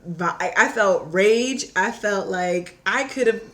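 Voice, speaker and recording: Woman guest from Virginia, casual chat, animated storyteller, mid-range voice. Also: medium pitch, takes it slowly. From Hampton Roads, Virginia. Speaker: podcast guest.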